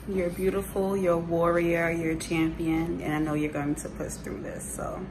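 Woman with flat voice on hissy recording. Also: on the low side, moderate pace, few pauses.

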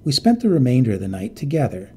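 A man narrating a ghost story in an expressive, dramatic reading voice. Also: mid-range voice, quick pace, slightly rough.

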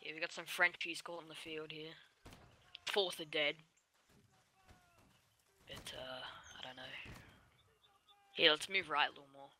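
A man's voice: a little high, measured pace, long pauses, pushed and bright, a little hiss or hum. An Australian man commanding his line over game voice chat, giving urgent, swearing orders through a headset. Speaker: line battle officer.

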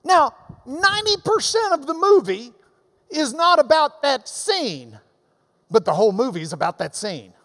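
A man teaching a Bible class, answering questions in an emphatic, animated lecture that swings between loud and soft. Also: very high voice, normal speed, big-room sound.

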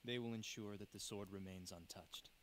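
A man's voice: lowish voice, steady tone, normal speed, a bit bright, lightly acted. An actor playing a dutiful young male ninja heir, speaking composed, formal lines in a video game cutscene. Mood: earnest.

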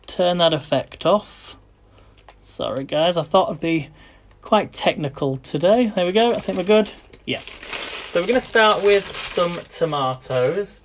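A man's voice: on the high side, a little hiss or hum. British male host, casual and rambling, talks to viewers while cooking live. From Britain. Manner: chatty and rambling, often addresses viewers as guys.

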